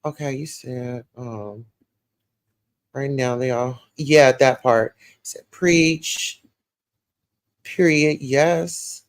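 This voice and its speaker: Sassy Southern woman, livestream gossip host reading comments, animated and chatty. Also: extremely low pitch, slow. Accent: Southern US, Atlanta. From Atlanta, USA. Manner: sassy, animated, calls listeners child and baby.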